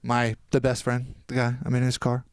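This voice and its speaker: Male guest with a mid voice, lively anecdote teller, dry studio sound. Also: mid-range voice, smooth, dry recording. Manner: animated anecdote, quoting people in quick voices. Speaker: podcast guest. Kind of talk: storytelling in casual chat.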